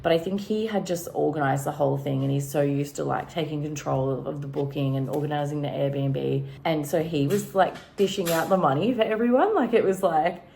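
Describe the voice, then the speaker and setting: A woman's voice: low voice, fairly quick, vocal fry, few pauses, mellow, slight background noise. An Australian woman vlogging casually at home, telling a rambling story full of fillers. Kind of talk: casual chat vlog.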